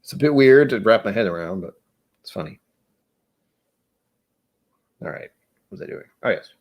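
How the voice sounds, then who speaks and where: A man's voice: on the low side, expressive, normal speed. A man from the United States hosting a casual whiskey livestream, chatty, rambling and self-deprecating as he reads chat aloud. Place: indoors at home.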